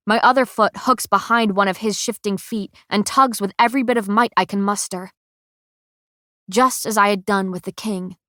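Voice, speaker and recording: A woman narrating a first-person audiobook in a measured, emotional way. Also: medium pitch, a bit bright, no echo, clean studio sound.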